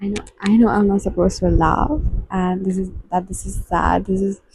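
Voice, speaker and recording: A woman book vlogger giving soft, halting and emotional reactions while reading. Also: mid-range voice, little pitch movement, slight background noise, low-quality recording.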